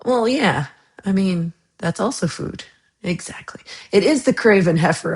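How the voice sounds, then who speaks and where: A woman's voice: lowish voice, lively intonation, measured pace, a little mellow. Chatty woman hosting a livestream. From United States. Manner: chatty and rambling, laughs often. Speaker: livestream host. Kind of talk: casual chat reading viewer comments.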